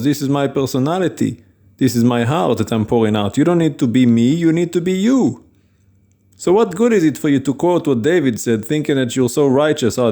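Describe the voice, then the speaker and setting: A man's voice: mid-range voice, dark tone. A man preaching on prayer, firing off emphatic rhetorical questions with a scoffing edge. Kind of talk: spoken teaching on prayer.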